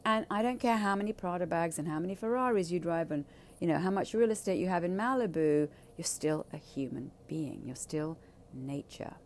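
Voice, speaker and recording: A woman's voice: on the low side, moderate pace. A woman speaking candidly in a blunt, profane and emphatic way. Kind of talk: candid casual talk.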